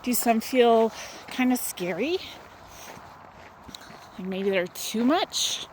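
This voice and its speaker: Woman wellness host, slightly higher voice, a bit winded, gentle encouraging pep talk on a phone outdoors, faint outdoor hum behind. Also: expressive, slow, poor audio. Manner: gentle, encouraging, guiding with questions. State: out of breath from walking. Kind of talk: motivational talk to viewers. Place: outdoors in the sun.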